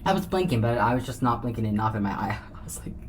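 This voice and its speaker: A young woman co-hosting a podcast, blunt and wry, swearing casually in relaxed chat. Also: very deep voice, fast, slight background noise. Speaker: podcast co-host.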